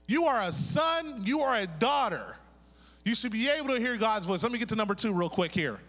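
A man's voice: sits high, brisk. A middle-aged man from Pittsburgh preaching a sermon as a pastor and prophet, joking and calling on the congregation to repeat after him. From Pittsburgh, USA. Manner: lively, joking, calls on the congregation to repeat words. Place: church sanctuary. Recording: echoey hall reverb.

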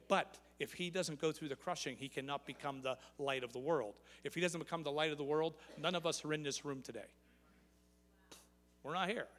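A man's voice: medium pitch, a bit bright. A male pastor preaching a sermon, repeating key phrases for emphasis and asking the congregation rhetorical questions. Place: church sanctuary. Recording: long reverb of a large hall.

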